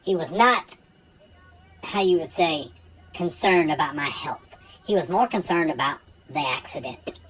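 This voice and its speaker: A man's voice: on the high side, a little slow, pauses often, fairly bright tone, rough recording. A man telling a true personal story in a casual, blunt and profane way.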